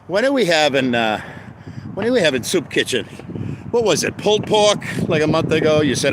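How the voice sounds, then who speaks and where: A man's voice: on the high side, very animated, moderate pace. A man hosting a rambling live stream outdoors by a road, joking, greeting viewers by name and breaking into bits of song. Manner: chatty, jokey, greets viewers by name, sings snatches of songs. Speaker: livestream host. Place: outdoors by a road with passing traffic. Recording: outdoor phone recording with clear traffic noise. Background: street and car noise.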